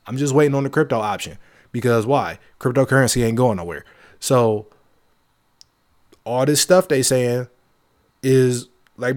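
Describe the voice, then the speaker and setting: Emphatic man ranting to his audience. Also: medium pitch. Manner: emphatic and repetitive, joking asides. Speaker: podcast host. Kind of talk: casual monologue.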